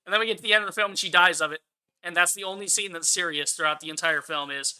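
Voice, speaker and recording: Man ranting, bright sharp voice. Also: high-pitched, expressive, fast talker. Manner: profane, exasperated ranting. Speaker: channel host. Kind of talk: ranting movie commentary.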